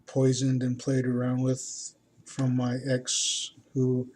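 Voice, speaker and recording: A man's voice: medium pitch, completely flat delivery, slow, darkish tone. A man talking casually while he draws, rambling and hesitant, with many fillers and restarts. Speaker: artist. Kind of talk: casual talk while drawing.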